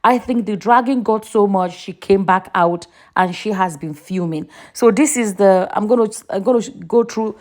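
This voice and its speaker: A woman's voice: medium pitch, moderate pace, hardly any pauses, darkish tone. Chatty woman vlogger. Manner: chatty, reads quotes aloud in a raised voice. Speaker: vlogger reading out social media posts. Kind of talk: casual gossip commentary.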